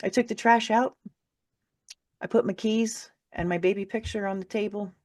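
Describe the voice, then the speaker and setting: An author appearing as a podcast guest tells an emotional personal story in conversation, her mid-range voice steady and darkish at a normal speed. She's candid, swears freely, and laughs through the hard moments.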